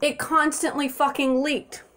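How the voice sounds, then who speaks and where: Young woman, high voice, angry profane vlog rant, blunt, exasperated, phone camera in an apartment. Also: flat delivery, unhurried, noisy background. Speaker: vlogger. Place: her apartment indoors.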